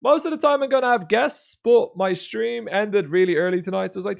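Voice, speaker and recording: Gravelly man doing poker stream commentary. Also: fairly quick. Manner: casual, swings between low mutters and loud excited outbursts; chats with viewers and reads out their comments. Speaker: poker streamer reviewing replays.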